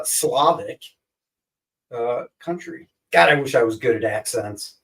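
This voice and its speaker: A man's voice: mid-range voice, distant mic, rough recording. Joking male comic show co-host. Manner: joking, rambling, crude banter. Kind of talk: casual chat.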